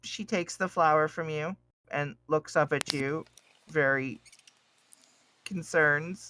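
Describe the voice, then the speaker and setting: A woman's voice: low voice, slow pace, a bit bright, slight background noise. A woman with a Canadian accent, narrating as game master in a casual, hesitant way over an online call. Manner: casual, laughing, hesitant with ums.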